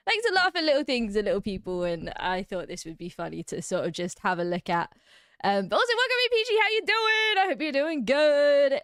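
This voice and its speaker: A woman's voice: fairly high pitch, no echo, studio quality. A woman from England with an English accent, chatting casually on a livestream, rambling and laughing often. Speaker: streamer.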